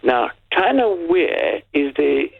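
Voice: mid-range voice, takes it slowly, creaky, husky. Caller around 60s on a radio phone-in, voice jumps up and down a lot, thin phone sound. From Nigeria. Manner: animated storytelling. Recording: tinny phone line.

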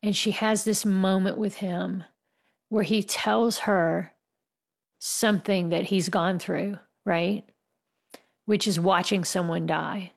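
A woman's voice: mid-range voice, fairly even intonation, slow, gravelly. A woman from the United States, an author answering interview questions in a candid, passionate way and laughing wryly. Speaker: author guest.

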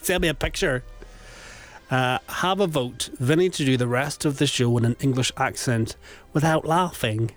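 A man's voice: mid-range voice, normal speed, soft background music. A man hosting radio, joking and laughing easily in casual banter. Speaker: radio host.

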